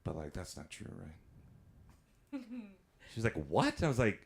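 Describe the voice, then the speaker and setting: A man's voice: medium pitch, wildly swooping pitch, measured pace. A man doing stand-up comedy, telling chatty stories, laughing at his own jokes and acting out voices.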